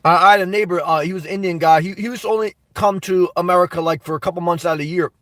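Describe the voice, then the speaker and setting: A man's voice: high-pitched, steady tone, rapid-fire, a bit bright, no echo, recorded from a distance. A man hosting a casual live stream, answering viewer comments in an emphatic way that repeats his points and breaks into laughter between remarks. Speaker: YouTube host answering live chat.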